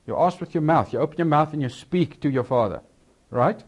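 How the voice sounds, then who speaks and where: A man preaching a sermon, swinging between loud, emphatic lines and quieter asides. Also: on the high side, a little fast, husky.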